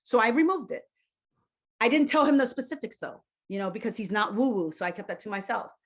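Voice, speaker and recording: A woman guest on a podcast, a psychic healer and life coach, telling lively stories in casual conversation. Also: a little high, a little fast. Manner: animated storyteller, acts out quotes.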